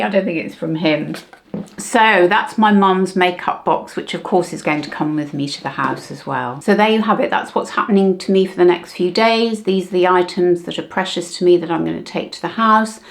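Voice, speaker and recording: A woman in her seventies chats her way through old family keepsakes in a relaxed vlog. Her voice sits fairly low and has a gravelly edge. She reminisces as she talks. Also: slight background noise. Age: 70s. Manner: chatty, reminiscing while sorting keepsakes. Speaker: vlogger. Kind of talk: casual vlog.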